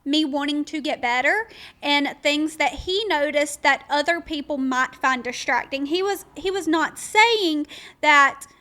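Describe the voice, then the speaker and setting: A woman's voice: high-pitched, unhurried. A young woman with a mild Georgia Southern accent, telling stories animatedly to listeners in a casual chat. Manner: animated storytelling, addresses listeners directly. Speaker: podcast co-host, pageant titleholder.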